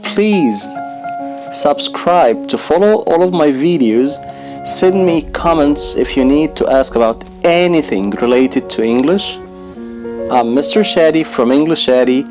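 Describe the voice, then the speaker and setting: A man whose first language is Arabic, teaching English to beginners, saying each phrase slowly and then repeating it. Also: on the high side, lively intonation, over music, rough recording. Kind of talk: slow English lesson for beginners.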